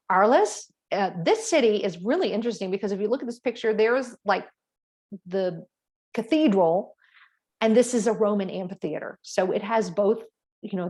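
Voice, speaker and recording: A woman's voice: medium pitch, gravelly, a little mellow. A middle-aged woman, a travel agent, giving a casual, rambling presentation to clients, with fillers and frequent self-corrections.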